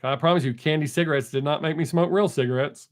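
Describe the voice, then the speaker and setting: A man's voice: a little high, fast talker. An older man hosting a live stream, in casual folksy chat, joking and greeting viewers from the chat by name.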